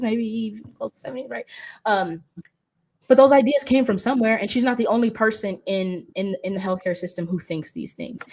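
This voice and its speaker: Chatty woman in her thirties hosting. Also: mid-range voice. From United States. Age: 30s. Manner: talkative, many fillers and restarts. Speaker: host and patient advocate. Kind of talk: casual panel conversation.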